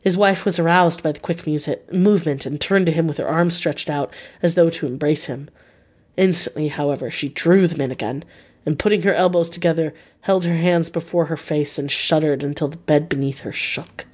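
A woman reading a classic novel aloud in a measured, expressive way. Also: deep voice. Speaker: audiobook narrator. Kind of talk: dramatic audiobook narration.

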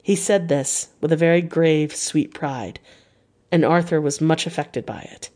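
A woman narrating a classic novel as an audiobook, steady and measured. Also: low-pitched. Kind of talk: scripted narration.

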